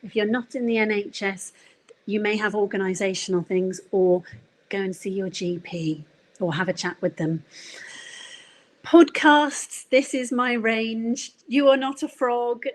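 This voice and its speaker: A middle-aged woman gives a conference talk on well-being. Her voice sits at a middle pitch, and her delivery is gentle and encouraging, with frequent ums and small restarts. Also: steady tone, measured pace, low-quality recording. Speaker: career coach. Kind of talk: conference presentation.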